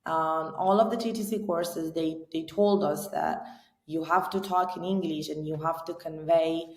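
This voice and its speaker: A woman's voice: low-pitched, steady tone, moderate pace. Persian-accented woman in an echoey room. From Iran. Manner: earnest, repeats and restarts words while searching. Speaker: English teacher, guest. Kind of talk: casual interview answers. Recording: roomy echo.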